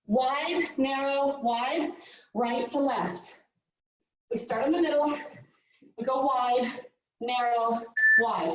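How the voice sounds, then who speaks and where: A woman's voice: sits high, very echoey, distant mic, highs cut off, a little hiss or hum. A woman fitness coach leading a live workout, out of breath, upbeat and counting down the reps.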